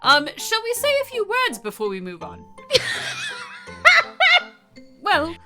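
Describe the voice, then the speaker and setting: A woman's voice: extremely high pitch, huge pitch swings, slow pace, over loud music. A woman player speaking in character in a genteel, affectionate way, often hesitating and restarting. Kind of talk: in-character role-play.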